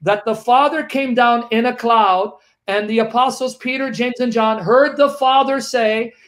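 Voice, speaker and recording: A man's voice: extremely high pitch, fairly even intonation, a little slow, a bit bright. A man debating heatedly, accusing his opponent of lying and reading scripture aloud to refute him. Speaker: Christian debater.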